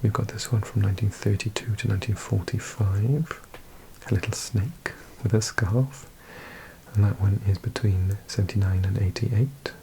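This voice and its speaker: A man with a Welsh accent, hosting an ASMR video and reading aloud in a slow, hushed mix of whisper and soft speech. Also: fairly low pitch, fairly even intonation, gravelly, slight background noise, poor audio. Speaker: ASMR host.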